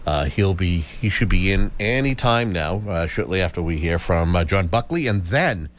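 A man's voice: deep voice, moderate pace, slight background noise. A man hosting a radio talk show in a studio, talking casually with many restarts. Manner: chatty, animated, frequent restarts.

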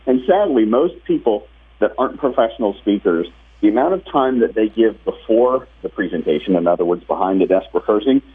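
Man, guest speaker, husky rough voice, lowish pitch, energetic talker, phone-line sound. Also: brisk. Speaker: guest, professional speaker and author. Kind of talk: interview over the phone.

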